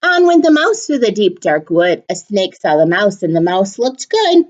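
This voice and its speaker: A woman teacher reading a picture book aloud to children, animated and expressive. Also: medium pitch, normal speed, muffled recording. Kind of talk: storybook read-aloud for children.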